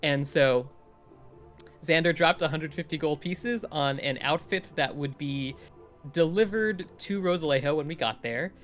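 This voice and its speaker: Animated man recapping a tabletop game. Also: a little high, unhurried, soft background music. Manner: animated storytelling, playful voices in quotes. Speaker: player giving a recap. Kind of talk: casual session recap.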